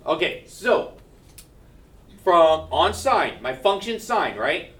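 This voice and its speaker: Guy teaching calc in a classroom, kinda high voice, mic a little far off, keeps asking "right?". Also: sing-song, takes it slowly, fairly bright tone. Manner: keeps checking in with "right?", joking asides. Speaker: math teacher. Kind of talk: classroom lecture.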